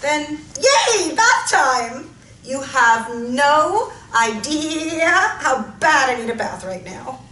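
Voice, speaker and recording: A woman's voice: high-pitched, very animated, extremely slow, pushed and bright, full character voice. A woman voicing an eager, chatty teenage girl lamb with a Midwestern accent, upbeat and full of questions. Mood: excited. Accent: Midwestern American. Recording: echoey room, mic far off, faint hiss.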